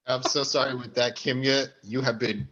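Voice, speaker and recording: A man's voice: medium pitch, steady tone, normal speed, fairly bright tone, lo-fi sound. A man hosting an online party game over a video call, with an upbeat, announcer-like delivery. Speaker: game host.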